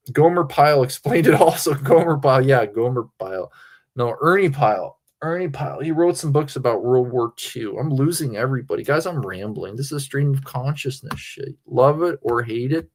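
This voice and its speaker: Tipsy streamer, a man of middling pitch who wanders off topic and swears freely. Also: lively intonation, moderate pace. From Pennsylvania. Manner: meandering, crude, self-interrupting. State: tipsy from drinking. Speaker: livestreamer. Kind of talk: rambling casual livestream chat.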